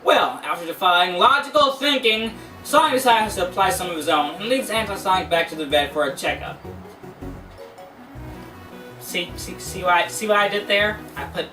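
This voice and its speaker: A man's voice: sits high, expressive, moderate pace, pushed and bright, roomy sound, distant mic, faint music behind, low-quality recording. A man narrating a comedic comic book review, full of sarcastic, mocking asides.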